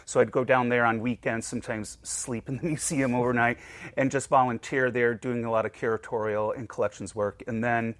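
Man, museum director of collections, relaxed, friendly, rambling, middle pitch, dry sound. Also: a little fast, no echo. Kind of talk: interview answers.

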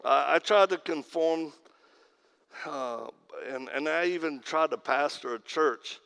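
Preacher, male, fairly high gravelly voice, deadpan comic storytelling. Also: slow. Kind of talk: humorous sermon storytelling.

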